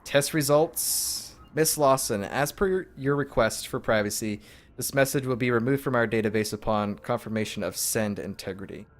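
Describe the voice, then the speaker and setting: A man's voice: mid-range voice, normal speed. A man streaming a game, casually reading its text aloud in his own voice with asides.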